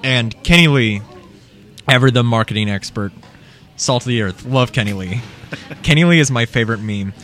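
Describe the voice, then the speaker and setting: A man's voice: mid-range voice, normal speed, pauses often, a bit bright. A young adult man, a musician guest, telling rambling band stories with chuckles in a casual interview at a coffee shop.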